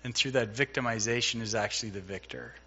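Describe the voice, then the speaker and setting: Bright-voiced man preaching a casual sermon. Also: medium pitch, quick pace, breathy edge, muffled recording. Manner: conversational, storytelling with mimicked dialogue. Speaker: pastor. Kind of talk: sermon with personal anecdote.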